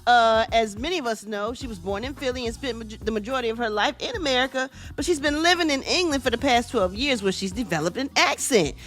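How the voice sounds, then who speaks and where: A woman's voice: fairly high pitch, expressive, fast talker, few pauses, fairly bright tone. A middle-aged woman hosting a casual radio entertainment news segment, chatty and sassy, calling listeners y'all and honey.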